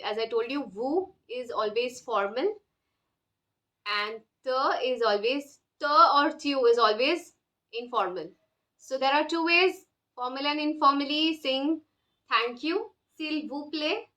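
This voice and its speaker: Woman, language teacher, slow careful pace, bright clear tone, repeats each phrase. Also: high-pitched. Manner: slow, drills phrases with repetition. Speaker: French teacher. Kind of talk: online language lesson.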